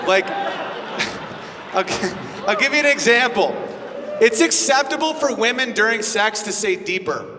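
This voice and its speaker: A man performing a stand-up comedy set, brash and profane, slipping into quick character voices. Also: high voice, sharp tone. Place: comedy venue with live audience. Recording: long reverb of a hall.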